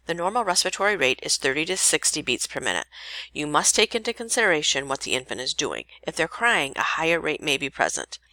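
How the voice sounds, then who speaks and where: A woman nursing instructor reading a lecture podcast in a steady way, now and then correcting herself mid-sentence. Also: low voice, quick pace, no echo.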